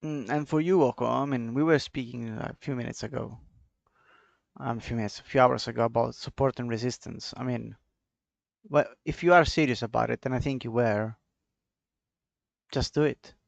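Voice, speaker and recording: A man's voice: mid-range voice, a little fast, vocal fry, no echo. A man with an Italian accent, casually talking through trading charts live and chatting with viewers in a loose, offhand way. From Italy. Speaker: trading streamer.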